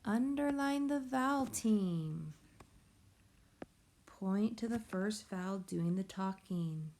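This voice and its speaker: A woman teacher giving a recorded phonics lesson to young children, explaining slowly and patiently in a sing-song way. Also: mid-range voice, expressive, darkish tone, a little hiss or hum. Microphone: tablet or device mic.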